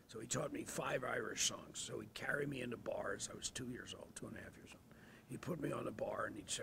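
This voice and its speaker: A man in his sixties, an actor telling stories in an interview, animated and dropping to hushed asides. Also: mid-range voice, quick pace, vocal fry, background noise. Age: 60s. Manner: animated, drops to hushed asides, acts out voices. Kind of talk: anecdotal storytelling. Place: theatre.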